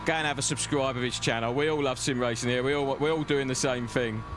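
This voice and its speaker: A man streaming a sim racing game live, chatting and joking with his viewers as he drives, his voice close and loud on his own desk mic. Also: mid-range voice, steady tone, quick pace, noisy background. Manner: chatty, banters with chat, cheeky. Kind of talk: live-stream gameplay commentary.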